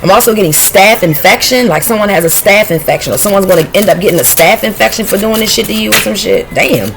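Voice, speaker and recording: A woman giving a casual intuitive tarot reading, blunt and profane, talking in a streetwise, animated way. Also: medium pitch, quick pace, creaky, music in the background. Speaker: tarot reader.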